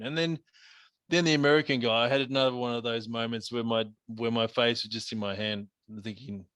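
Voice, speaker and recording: A man co-hosting a podcast in casual chat, an animated storyteller who laughs often. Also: mid-range voice, brisk, clear, resonant tone, no room sound. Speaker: podcast co-host.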